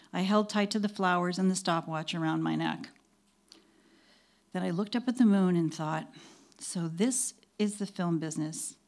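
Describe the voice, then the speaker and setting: An older woman reading her own memoir aloud, with lively storytelling that briefly takes on the voices of the people she quotes. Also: on the low side. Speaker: memoir narrator.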